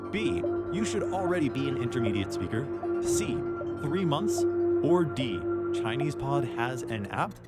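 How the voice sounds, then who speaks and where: A showy quizmaster for an ad, bright with announcer flair. The pitch sits a little high and swings around freely. Loud music plays under every word. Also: male voice, wildly swooping pitch, unhurried. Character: upbeat male game-show quizmaster in an ad. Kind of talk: ad read.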